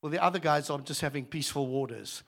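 A man preaching as a guest speaker, lively and humorous, moving between loud exhortation and quiet asides. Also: on the high side, fast talker, creaky. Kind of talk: sermon.

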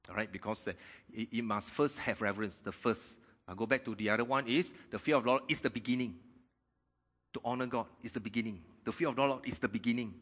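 Pastor preaching, sharp bright voice, gets loud and fired up, long hall echo. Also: male voice, mid-range voice, quick pace. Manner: impassioned preaching, rhetorical questions, swells loud on key points. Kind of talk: sermon.

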